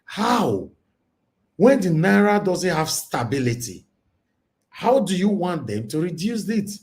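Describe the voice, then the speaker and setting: A man with a Nigerian accent hosting a casual news reaction stream, animated and mixing Pidgin with English, often asking "Eh?". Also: high voice, slow pace. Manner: animated, switches between Pidgin and English, exclaims "Eh?". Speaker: news commentary host.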